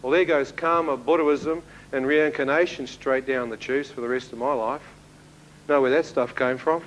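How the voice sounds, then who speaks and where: A man from New Zealand with a New Zealand accent, telling his testimony as a sermon and acting out the dialogue in an animated way. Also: mid-range voice, moderate pace, low-quality recording. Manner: animated storyteller who acts out dialogue, with laughs. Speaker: preacher giving a testimony.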